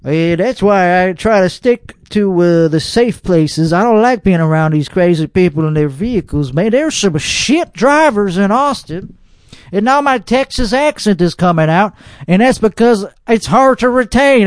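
A man with a high voice talks alone in casual reaction commentary, dry and sarcastic, grumbling as his thoughts wander. The sound is close and dead, with no room around it. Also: a little mellow, dry recording. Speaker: podcast host reacting to online videos.

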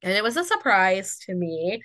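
A woman's voice: mid-range voice, sing-song, normal speed, pushed and bright. A woman in her twenties from Indiana hosting a casual solo podcast, bubbly and candid, still a little congested from being sick. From Indiana, USA. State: recovering from illness, slightly congested. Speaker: podcast host.

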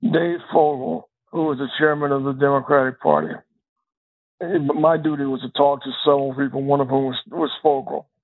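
Gravelly older man on a phone line. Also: mid-range voice, steady tone, normal speed. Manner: reflective storyteller who repeats words and restarts phrases. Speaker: guest, former district attorney. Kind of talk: storytelling interview. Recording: tinny phone-line sound.

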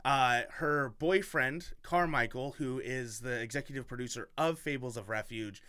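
A man's voice: medium pitch, normal speed, a bit bright, clean tone, no room sound. A man hosting a podcast in casual chat, rambling, self-mocking and enthusiastic. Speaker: podcast host.

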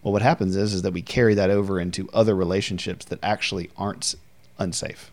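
Very deep-voiced man, earnest host. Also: fairly even intonation, quick pace, vocal fry, darkish tone. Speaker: podcast host. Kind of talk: casual faith conversation.

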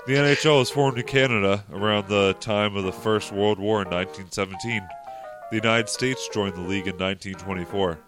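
Male podcast co-host, low-pitched, dry joker reading notes, music bed. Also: normal speed, creaky. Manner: jokey, deadpan asides while reading. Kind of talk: casual podcast banter, reading history notes.

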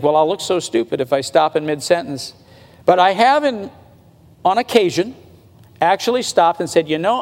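High-voiced man preaching in a hall. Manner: conversational preaching, slows to stress points, rises in pitch when emphatic. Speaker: pastor. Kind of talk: sermon.

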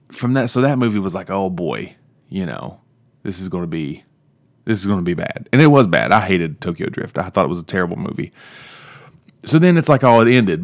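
A young man hosting a podcast, talking casually and rambling with many restarts as he gets animated. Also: on the low side. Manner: rambling, self-interrupting, animated about movies. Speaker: podcast host. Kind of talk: casual solo monologue.

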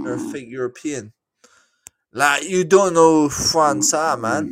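A man's voice: fairly high pitch, a bit bright. A drunk young man, live-streaming and ranting brashly to his chat with lots of swearing and slang. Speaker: livestreamer. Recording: noisy background.

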